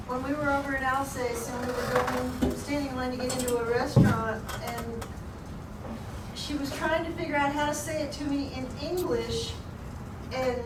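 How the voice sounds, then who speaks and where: A woman in a class casually telling a short anecdote, with some fillers. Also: high-pitched. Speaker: class member. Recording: echoey room, distant mic, loud background noise.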